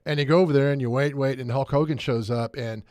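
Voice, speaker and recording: A man's voice: medium pitch, steady tone, quick pace, darkish tone, clean tone, dry recording, studio quality. A man hosting a sports radio show, telling stories in casual chat with enthusiasm and frequent laughter. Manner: enthusiastic storyteller, laughs often. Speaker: radio host. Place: radio studio.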